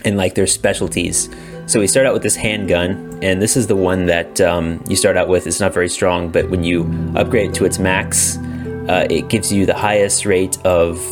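A man co-hosting a casual video game podcast, relaxed and rambling, laughing often. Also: low voice, normal speed, over music. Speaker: podcast co-host. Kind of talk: casual gaming chat.

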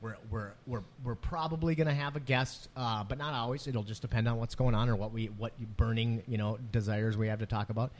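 A man's voice: mid-range voice, steady tone, brisk, few pauses. Middle-aged male podcast co-host, loose and profane, lots of false starts, light background noise. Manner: casual, profane, rambling with many restarts. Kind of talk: casual chat.

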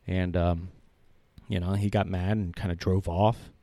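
A man's voice: deep voice, level tone, unhurried, dark tone, dry recording. A man in his thirties telling a personal story in a casual, earnest way, rambling with many fillers and restarts.

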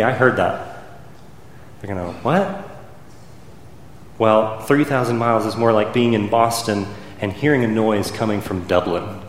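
A man preaching a sermon as pastor, rising to impassioned peaks and dropping to soft, quiet stretches. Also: medium pitch, reverberant, in a large hall, slight background noise. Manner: builds to impassioned, soaring climaxes then drops soft.

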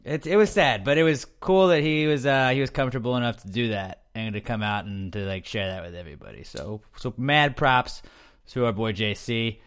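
A man's voice: medium pitch, fairly quick, a bit bright, clean tone. A young man hosting a podcast, recapping in a loose, joking, rambling chat full of fillers. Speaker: podcast host.

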